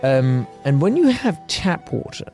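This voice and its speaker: Snooty water connoisseur, put on by a podcast host, drawn out. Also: male voice, a little high, very animated, measured pace, a little mellow, faint music behind. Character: pompous male water sommelier, posh. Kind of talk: comedy podcast bit.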